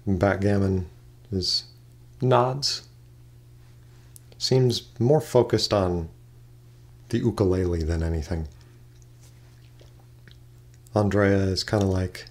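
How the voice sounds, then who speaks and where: A man's voice: lowish voice, fairly even intonation, slow, pauses often. A man narrating a role-play game casually as game master, in a loose, hesitant way. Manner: loose, hesitant, full of "kinda like".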